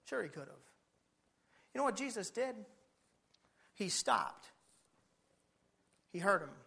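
A man preaching a sermon as pastor, fiery, swinging from quiet talk to shouting. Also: sits high, big pitch swings, takes it slowly, gravelly, slightly rough.

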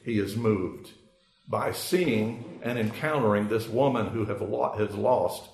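Gravelly-voiced preacher in an echoey church. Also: male voice, fairly low pitch, darkish tone. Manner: explanatory, unhurried, with frequent fillers. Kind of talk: sermon. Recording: echoey room.

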